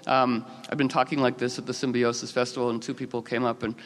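A man telling rambling, expressive stories, with many fillers and restarts. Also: mid-range voice, fast. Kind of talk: casual storytelling talk. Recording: long hall reverb.

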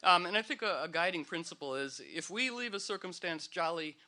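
A man's voice: high voice, lively intonation, brisk, bright, forceful tone. A man speaking to a live audience in a meandering, playful way, full of fillers and restarts. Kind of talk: rambling, humorous talk to an audience.

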